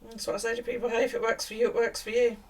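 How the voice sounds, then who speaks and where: Chatty, husky woman vlogging. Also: fairly high pitch, flat delivery, very fast. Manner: chatty storyteller, swears casually, quotes others in a hushed voice. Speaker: knitting vlogger. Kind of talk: casual chat while knitting. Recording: voice a bit far from the mic.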